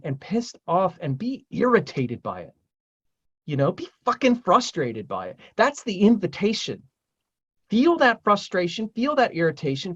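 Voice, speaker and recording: A man leading a spiritual group talk, emphatic and salty-tongued. His pitch leaps around with real animation as he pushes his point. The recording sounds dull and lo-fi. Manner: emphatic and profane, swings loud and high when stirred.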